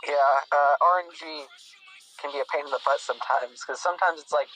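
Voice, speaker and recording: A man's voice: medium pitch, quick pace, sharp tone, no echo, rough recording. A young man chatting casually as a guest, thinking aloud and restarting his sentences often. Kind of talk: casual chat.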